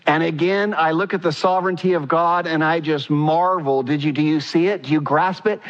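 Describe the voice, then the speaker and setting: A man's voice: fairly even intonation, normal speed, few pauses, in a large hall, lo-fi sound. A man preaching a sermon as pastor, emphatic and fervent, putting direct questions to his congregation. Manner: emphatic, rising to a high, fervent pitch at key points.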